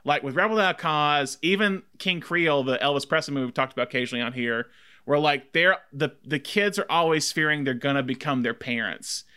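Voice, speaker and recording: A man's voice: a little high, brisk, pushed and bright, clear, resonant tone. A man co-hosting a casual film podcast, talking enthusiastically in long rambling stretches full of fillers. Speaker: podcast co-host.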